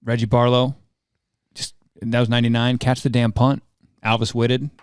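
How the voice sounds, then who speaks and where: A man's voice: medium pitch, normal speed, smooth, no echo, clean studio sound. A man in his forties, a former mascot performer, telling stories as a podcast guest and acting out the dialogue he quotes. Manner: animated storyteller who acts out quoted dialogue. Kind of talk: casual interview storytelling.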